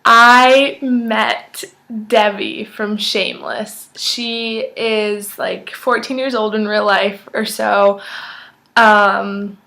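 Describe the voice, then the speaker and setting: A woman of nineteen telling an excited, chatty story, full of "like" and acted-out quotes. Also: medium pitch, drawn-out words, vocal fry. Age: young adult. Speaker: vlogger. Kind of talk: casual storytelling.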